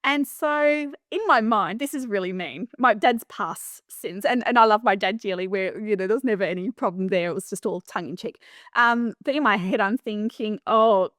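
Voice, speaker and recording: A woman's voice: mid-range voice, moderate pace, no echo, studio quality. Chatty Australian woman telling stories. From Western Australia. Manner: chatty and animated, many fillers and restarts. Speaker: property manager, podcast guest. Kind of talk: casual interview storytelling.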